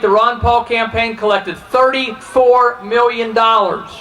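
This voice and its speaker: Guy from ohio ranting at a podium, high bright voice, bit of room hiss. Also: rough recording. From Ohio, USA. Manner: heated, acts out quoted exchanges. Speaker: political speaker. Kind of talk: impassioned speech.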